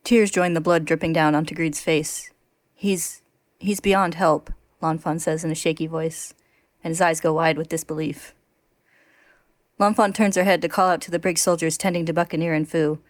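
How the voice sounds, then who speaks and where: A woman's voice: low-pitched, fairly even intonation, brisk, no room sound. A woman co-hosting a podcast, chatting and laughing, then reading aloud a story summary. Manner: laughs often, reads steadily. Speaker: podcast co-host reading a recap. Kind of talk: casual chat and read-aloud story summary.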